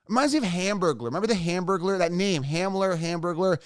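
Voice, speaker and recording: Guy with a high voice ranting hard, dry close sound, keeps mocking and repeating himself. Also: fast talker, hardly any pauses, clear, resonant tone, dry recording. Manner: emphatic, repetitive, mocking outbursts. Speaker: fantasy football YouTuber. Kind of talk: opinionated ranting commentary.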